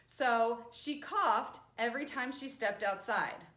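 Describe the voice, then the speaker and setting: Speaking slowly in a fairly high, fairly bright voice, a woman who teaches sign language gives a patient grammar lecture to her class. She keeps asking "right?" to check in, and her words echo around the room.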